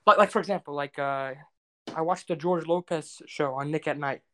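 A man's voice: on the high side, moderate pace, pushed and bright. A young man co-hosting a casual podcast chat, rambling and filling his talk with many likes and restarts. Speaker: podcast co-host.

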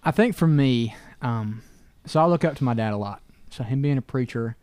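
A man's voice: mid-range voice, animated, normal speed, a little mellow, smooth, no room sound. Earnest man. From North Georgia. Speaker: musician guest. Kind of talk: casual interview chat.

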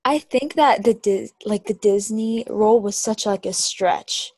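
A woman's voice: mid-range voice, unhurried, darkish tone, no room sound. A young woman co-hosting a casual podcast chat over a video call, chatty and laughing often. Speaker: podcast co-host. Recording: crunchy video call audio.

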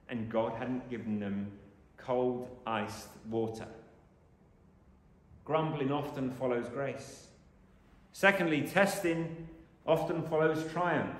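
A man preaching a sermon, dramatic, swinging from loud exclamations to hushed lines. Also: medium pitch. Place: church. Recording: echoey church hall.

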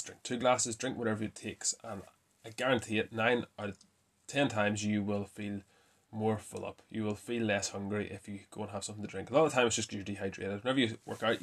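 A man hosting a casual fitness talk, chatty and quick to correct himself with a laugh. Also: fairly low pitch, fairly bright tone. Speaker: fitness podcast host. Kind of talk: casual myth-busting talk.

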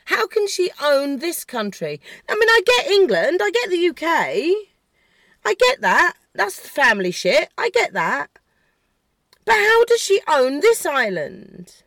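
A woman's voice: very high voice, wildly swooping pitch, a little slow, fairly bright tone, no echo, studio quality. A woman delivering an impassioned, blunt and profane political rant, heated and sarcastic. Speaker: political commentator. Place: in the country she discusses.

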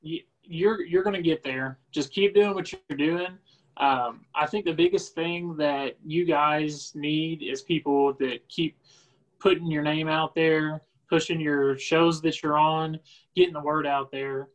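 A man co-hosting an interview, speaking in a steady, supportive way. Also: a little high, a little slow, low-quality recording. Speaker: co-host. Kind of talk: podcast interview.

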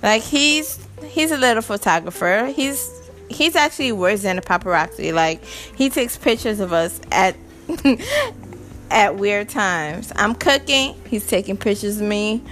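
Over soft music, a young woman with a medium-pitched voice talks a little slowly on her podcast. Her casual monologue is full of animated, laughter-filled, exasperated tales about parenting.

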